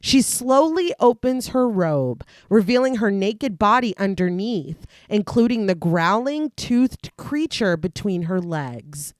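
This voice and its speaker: A woman's voice: medium pitch, slow pace, few pauses, no room sound, clean studio sound. A woman co-hosting a podcast, reading a long plot recap and chatting casually. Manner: recaps plot in long lively read-through, laughs often. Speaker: podcast co-host recapping a film. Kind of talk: casual chat and plot narration.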